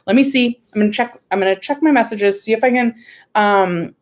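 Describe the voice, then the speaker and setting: With a slightly high voice and a fairly quick delivery, a woman runs an emotional livestream from home. She rambles in frustration into a computer microphone, on the verge of tears.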